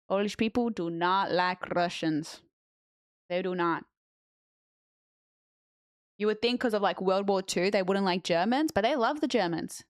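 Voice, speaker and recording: A woman's voice: medium pitch, normal speed, no room sound, clean studio sound. A young woman streaming, chatting bluntly and jokingly with her live chat and reading messages aloud. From Australia.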